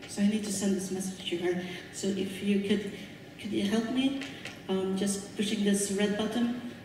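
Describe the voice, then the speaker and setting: A woman with a Swedish accent, a native Swedish speaker, giving a conference lecture in an earnest manner, often pausing to search for words. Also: medium pitch, darkish tone, slight background noise. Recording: echoey hall from far off.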